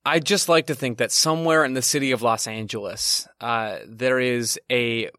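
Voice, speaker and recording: A man's voice: mid-range voice, moderate pace, bright, forceful tone, dry recording. Guy cohost musing about soccer, lots of uh and i dont know, dry close mic. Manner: musing, hedging with fillers. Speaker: podcast co-host. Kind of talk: casual soccer chat.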